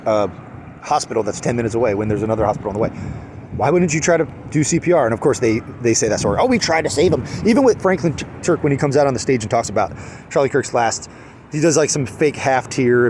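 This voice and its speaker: A man's voice: medium pitch, noisy background. A man venting in a casual vlog outdoors, heated and rambling, full of restarts and rhetorical questions. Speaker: vlogger.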